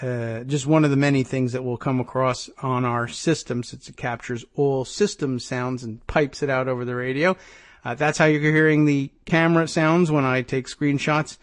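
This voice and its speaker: A man's voice: medium pitch, fairly even intonation, moderate pace, no echo. A man hosting a radio talk show, reading news aloud with wry, sarcastic asides into a studio microphone.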